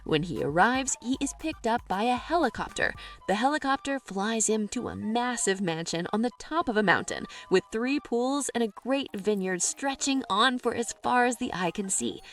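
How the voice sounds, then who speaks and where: A woman's voice: fairly high pitch, a bit bright. A woman narrating jokes in a scripted, storytelling style, lifting her voice for quoted characters. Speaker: joke narrator.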